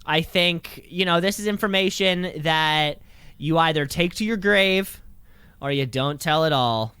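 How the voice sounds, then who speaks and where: Young male podcast co-host, crude rambling humor, smooth tone, dry booth sound. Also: fairly high pitch, unhurried, bright, forceful tone, no echo. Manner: crude, joking, rambling with restarts. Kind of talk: casual comedic chat.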